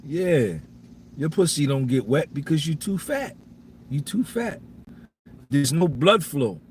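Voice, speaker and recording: A man's voice: a little high, big pitch swings, measured pace, slight background noise. A man hosting a live podcast, giving a blunt, profane monologue and repeating his points for emphasis. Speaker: podcast host.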